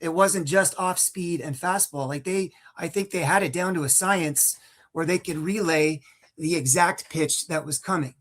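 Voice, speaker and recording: A man's voice: on the high side, moderate pace, a bit bright. A man in his forties from California, co-hosting a sports podcast and telling stories casually, with restarts and the odd laugh. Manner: storytelling, with restarts and a laugh now and then. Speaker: podcast co-host.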